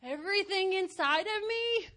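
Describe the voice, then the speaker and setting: A woman preacher chatting casually in a goofy, giggly way, laughing often and sometimes dropping to a hushed aside. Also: very high voice, expressive, normal speed. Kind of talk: casual personal chat.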